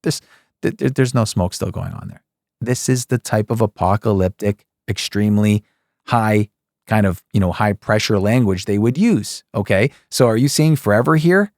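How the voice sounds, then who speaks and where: A man with a fairly low voice teaches the Bible in a loose, conversational way. He pokes fun at his point with tongue-in-cheek rhetorical questions and keeps checking in with "okay?" The sound is dry and close, with no room behind it. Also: lively intonation, moderate pace, a little mellow, no echo. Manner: folksy, keeps saying "okay" and "folks".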